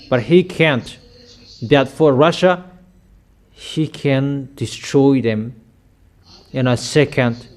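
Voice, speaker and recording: A man preaching in a fervent, commanding way, repeating phrases in halting English. His voice sits a little high for a man. He speaks slowly and deliberately. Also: a little mellow. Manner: emphatic, commanding, addresses listeners as children. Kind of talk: sermon.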